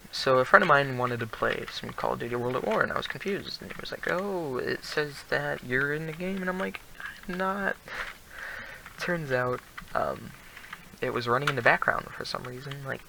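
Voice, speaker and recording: Commenting on the building game he's playing, a teenage gaming video host speaks in a medium-pitched, gravelly voice that's animated and fairly quick. He wanders off topic, laughs at himself a lot, and tends to cough, with a noisy background behind him.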